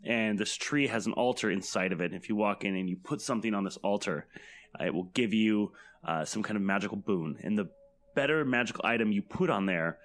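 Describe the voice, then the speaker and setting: A man's voice: fairly low pitch, a little fast, a bit bright. A man, a guest on a podcast and a game master, telling a story in a laid-back way with lots of fillers. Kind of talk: casual podcast chat.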